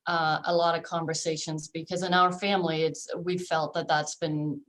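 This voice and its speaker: Woman, parent guest, thoughtful, halting, lowish pitch. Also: little pitch movement, fairly bright tone. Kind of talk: radio panel discussion.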